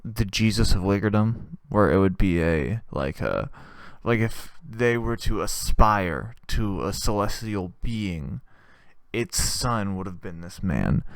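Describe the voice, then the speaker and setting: A young man delivering a rambling, sarcastic comedy monologue, laughing at his own jokes. His voice is smooth and clear, and it sits close and dry, with no room around it. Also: fairly low pitch, dry recording. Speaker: comedy video host.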